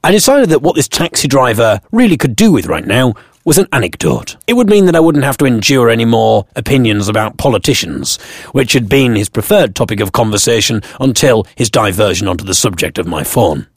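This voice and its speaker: A British man telling a funny first-person story in a wry, self-mocking tone. His slightly husky voice rises and falls a lot, leaping high for emphasis and dropping low for deadpan asides, and it sounds close and dry with no room around it. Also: fairly quick, dry recording. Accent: British English. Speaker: blogger narrating his own story.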